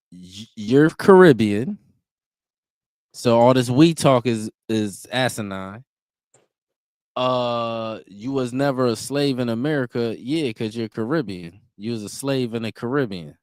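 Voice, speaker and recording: A man's voice: mid-range voice, expressive, slow pace, long pauses, a little mellow, dry recording. A man hosting a reaction podcast, talking bluntly and emphatically with plenty of profanity. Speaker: podcast host. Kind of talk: casual reaction commentary.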